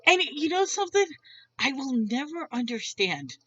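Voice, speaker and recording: Woman, ranting vlog, exasperated, blunt, swears a lot, bright forceful voice, dry lo-fi sound. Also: high voice, sing-song, normal speed, dry recording. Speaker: vlogger. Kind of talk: venting rant to camera.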